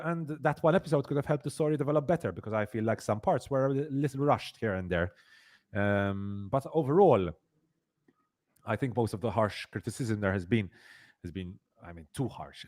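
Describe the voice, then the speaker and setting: A man hosting a podcast, reviewing a series in casual chat, rambling with many fillers and repeats and emphatic complaints. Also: mid-range voice. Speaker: podcast host.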